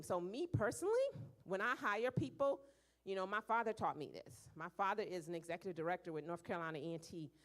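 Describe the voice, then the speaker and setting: A young woman speaking at a church leadership meeting, lively and animated, acting out little voices in her stories. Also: lowish voice.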